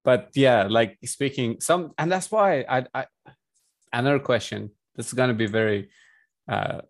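A man's voice: mid-range voice, normal speed, no room sound. Rambling young man from Iran. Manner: rambling, self-interrupting, joking. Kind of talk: casual chat.

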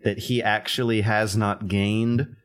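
Low-voiced guy rambling on a podcast, lots of uhs, eating while he talks. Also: flat delivery, takes it slowly. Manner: rambling, filler-heavy, does gruff old-man impressions. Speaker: podcast co-host. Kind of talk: casual podcast chat.

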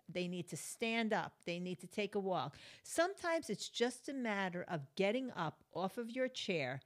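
A middle-aged woman talks through spiritual self-help in a loose, chatty way. She tells her stories animatedly, acting out her own bursts of anger. Her voice sits at an ordinary middle pitch for a woman. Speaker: vlogger giving life advice.

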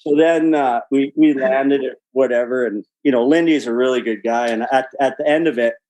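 A former hockey player, appearing as an interview guest, tells a rambling locker-room story packed with swearing and laughter. His voice is medium-pitched with a dark tone, he speaks at a normal speed, and the recording is rough.

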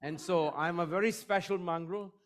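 A man's voice: sits high, normal speed. A middle-aged man preaching as a guest, praying fervently and repeating God at the end of phrases, then telling joking, self-deprecating stories about his family. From Eurasian, half Portuguese half Indian. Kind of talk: sermon with prayer and personal stories.

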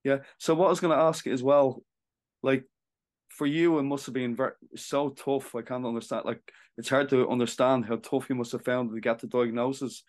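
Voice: mid-range voice, steady tone, moderate pace. A podcast host interviewing a guest, often giving short encouraging acknowledgements and asking questions. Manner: supportive, frequent short acknowledgements. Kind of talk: casual interview.

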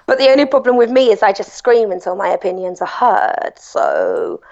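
A woman's voice: mid-range voice, huge pitch swings, normal speed, vocal fry, darkish tone, highs cut off. A woman speaking bluntly as a guest in a casual interview, swearing freely, over a call. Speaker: guest blogger.

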